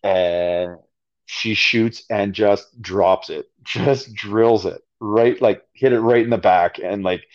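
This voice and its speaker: Canadian dude rambling through a story, lots of "like", low voice, muffled audio. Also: male voice, takes it slowly. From Alberta, Canada. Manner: animated, full of fillers. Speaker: podcast guest. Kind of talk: casual storytelling. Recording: dull lo-fi audio.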